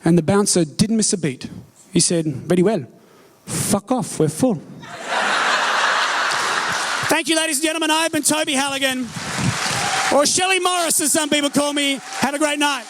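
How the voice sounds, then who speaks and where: A man's voice: very high-pitched, expressive, a little fast, heavy background noise. A young man telling a story in a live stand-up set, stammering restarts and laughing through punchlines. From Canberra, Australia. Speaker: stand-up comedian. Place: theatre stage before an audience.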